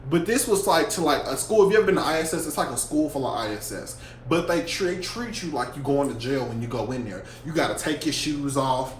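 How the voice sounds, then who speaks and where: A young man telling a story from his school days in a casual storytime vlog, animated and heavy with profanity and slang. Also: medium pitch, a little fast, hardly any pauses. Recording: echoey room with faint hum.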